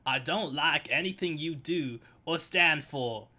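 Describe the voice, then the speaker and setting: A man voicing a mock Australian bloke, reading a line loudly in a put-on Australian accent. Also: fairly high pitch, a little slow, exaggerated voice. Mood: mock-gruff.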